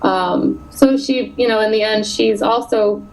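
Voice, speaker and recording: A woman author in her thirties chatting in an interview, animated and quick to laugh. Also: a little high, a crowd in the background, rough recording. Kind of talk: casual interview chat.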